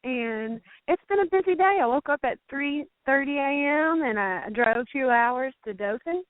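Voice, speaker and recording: A woman's voice: high-pitched, animated, normal speed, no room sound. A Southern woman country singer, upbeat and chatty, calling in from outdoors for a phone interview. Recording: tinny phone line.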